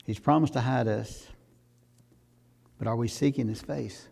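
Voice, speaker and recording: A pastor, preaching a sermon that rises to loud, fervent exhortation. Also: male voice, medium pitch, unhurried, vocal fry, husky.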